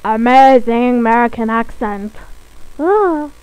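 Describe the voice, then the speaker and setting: A woman's voice: fairly high pitch, expressive, takes it slowly, darkish tone, clean tone, rough recording. A woman recording playful, mock-dramatic gaming commentary while waiting on a call. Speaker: gaming video creator.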